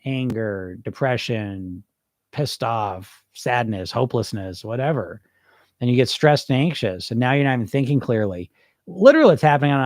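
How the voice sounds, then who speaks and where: A man's voice: mid-range voice, darkish tone, no room sound, studio quality. A man hosting a weight loss coaching podcast, talking casually and energetically with frequent restarts and asides while answering listeners live.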